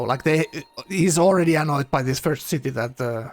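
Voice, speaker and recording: Brief: male game commentator, gravelly, slightly high, chatty. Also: moderate pace. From Finland. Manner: chatty, laughs often, many fillers.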